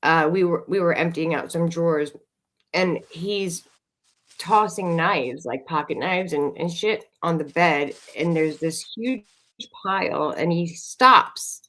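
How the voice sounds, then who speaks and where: Blunt, low-voiced woman telling stories. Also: slow, fairly bright tone. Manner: blunt, laughs often, swears freely. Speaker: podcast host. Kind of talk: candid storytelling chat.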